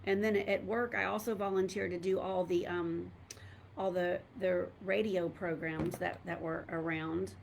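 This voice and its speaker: A woman's voice: lowish voice, level tone, measured pace, gravelly, a little hiss or hum. Candid middle-aged woman talking to viewers. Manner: candid, rambling, with many fillers and restarts. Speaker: doctor and coach speaking to an online group. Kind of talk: casual live talk to viewers. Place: at home.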